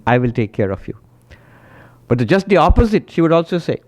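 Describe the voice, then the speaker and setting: A man, a monk, giving a spiritual talk and telling stories with animated quoted voices. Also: brisk. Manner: animated storyteller, raises pitch when quoting, laughs often.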